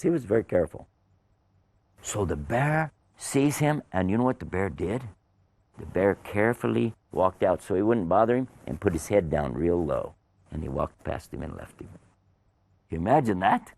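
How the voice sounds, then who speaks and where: A man's voice: deep voice, a little mellow, no echo. An older man telling a religious story to children in a folksy, conversational way, often asking his listeners questions.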